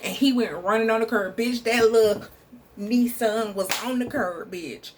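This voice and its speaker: Profane, animated young woman telling a story. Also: on the high side, moderate pace. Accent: Southern US. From Texas, USA. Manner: animated, profane, addresses viewer as "girl". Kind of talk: casual storytime vlog. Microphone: phone.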